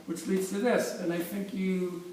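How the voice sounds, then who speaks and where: Speaking in a high-pitched yet darkish voice, the man keeps a level tone and a measured pace. He's a chiropractor in his fifties delivering a keen, jokey talk with props, often beginning his sentences again. The sound is echoey, recorded from a distance, with slight noise.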